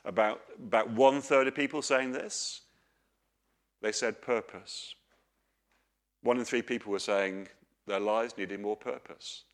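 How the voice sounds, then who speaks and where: A man's voice: on the low side, fairly even intonation, unhurried, pauses often. A middle-aged man preaching a sermon, earnest and questioning, with homely stories.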